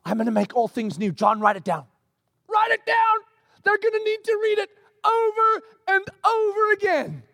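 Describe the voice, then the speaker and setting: Insistent, loving God in a sermon, as a man preaching acts him out; high and dry, declaring. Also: fast, creaky, few pauses, breathy edge, no echo, exaggerated voice. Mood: urgent. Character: God, a loving, emphatic fatherly male deity.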